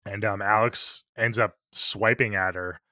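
A man co-hosting a podcast gushes casually about a film, swearing freely and using lots of fillers. His voice is fairly low and steady in tone, unhurried and sharp, captured with studio quality and no echo.

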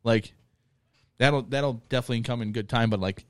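A man's voice: medium pitch, fairly quick, no room sound, clean studio sound. A young man with a Minnesotan accent, co-hosting a podcast in casual chat, crude and swearing as he rants. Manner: crude, swearing, animated ranting. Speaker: podcast co-host.

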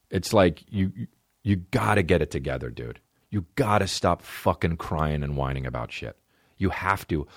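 A man hosting a solo podcast, ranting in a rambling, profane way with big swings in pitch. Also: no room sound, clean studio sound. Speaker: podcast host.

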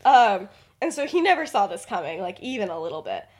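A woman's voice: mid-range voice, big pitch swings, a little fast, darkish tone. Young woman podcaster rambling thru a story, lots of likes and ums. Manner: rambling, heavy on fillers. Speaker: podcast host. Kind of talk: casual story retelling.

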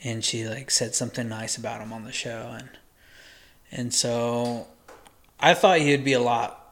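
A man with an ordinary mid-range voice talks through his thoughts on a casual podcast. He hesitates, restarts and fills pauses as he goes. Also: medium pitch, fairly even intonation, a bit bright. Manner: hesitant, rambling, many ums and restarts. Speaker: podcast co-host. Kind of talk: casual chat.

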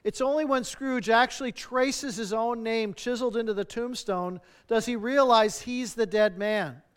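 A male pastor preaches a sermon at normal speed in a high, smooth, clear voice. Earnest in tone, he stacks up rhetorical questions and lets the ends of his phrases fall softly.

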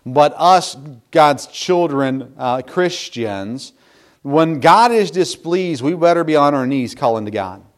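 A man preaching a sermon as a pastor, earnest and explaining scripture, often repeating words as he thinks aloud. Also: fairly high pitch.

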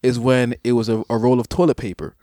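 A man guest on a comedy podcast, telling stories with energy and stumbling over his words when excited. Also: mid-range voice, quick pace, dry recording, clean studio sound. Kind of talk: casual comedic chat.

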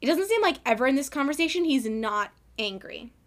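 A young woman co-hosting a casual book chat, animated, laughing often and swearing. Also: high-pitched, fairly quick. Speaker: podcast co-host.

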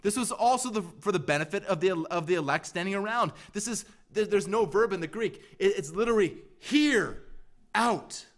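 Emphatic preacher man, higher voice. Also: fast, few pauses. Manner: emphatic, repeated rhetorical questions, swings from loud to hushed. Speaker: pastor. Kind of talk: sermon.

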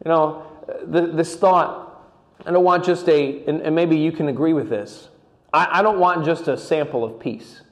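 A man giving a sermon as pastor, often repeating words and restarting, slowing down on key phrases. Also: on the high side.

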